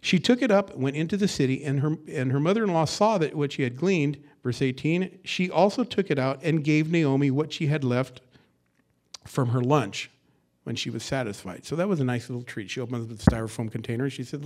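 A man in the pulpit working through scripture verse by verse, his voice sitting at an ordinary middle pitch. He drops to quiet, confiding asides, then surges loud when he reads the text. Folksy jokes and acted-out quotes keep it conversational. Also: a little fast. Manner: swings between hushed asides and loud emphatic verse reading. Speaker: pastor. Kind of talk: expository sermon.

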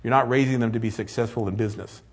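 A man's voice: mid-range voice, fairly even intonation, rapid-fire, vocal fry, breathy edge. A middle-aged man preaching a sermon as pastor, earnest and rising to emphatic peaks.

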